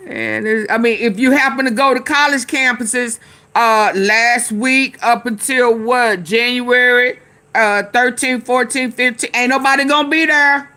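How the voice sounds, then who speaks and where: In casual reaction commentary, a woman streamer heatedly responds to a news clip, arguing with the screen and calling out her commenters. Her fairly high voice is pushed and bright, with fairly even intonation and a measured pace.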